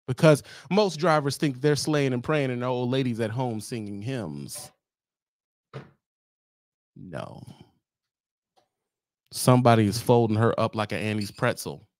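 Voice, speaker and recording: Animated, profane trucker ranting. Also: male voice, mid-range voice, unhurried, pauses often, no echo, clean studio sound. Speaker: trucker vlogger. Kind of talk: comic rant to camera.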